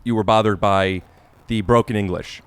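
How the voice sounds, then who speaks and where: A man hosting a casual podcast interview, halting and searching for words with many restarts. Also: lowish voice, fairly even intonation, smooth. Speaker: podcast host.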